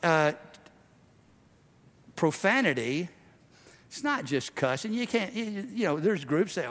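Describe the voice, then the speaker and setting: A male pastor preaching a sermon with passion, swinging between loud, driving declarations and hushed, intimate passages. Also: on the high side, big pitch swings, unhurried, pauses often. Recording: long hall reverb.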